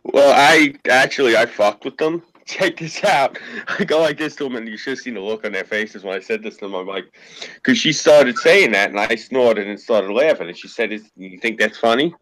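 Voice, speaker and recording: A man's voice: medium pitch, moderate pace, fairly bright tone, no echo, poor audio. A man from Queens with a New York accent, hosting a casual online chat and telling brash, profane stories. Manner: brash storytelling, swears freely.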